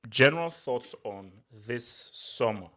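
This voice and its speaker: A man hosting a casual football chat, excitable and repeating himself. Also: medium pitch, slow. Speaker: show host.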